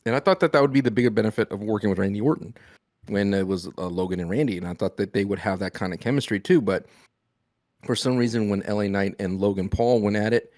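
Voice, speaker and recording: A man's voice: on the low side, fast talker, a little mellow, no room sound, clean studio sound. A man co-hosting a wrestling podcast in casual chat, playful and argumentative. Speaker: podcast co-host.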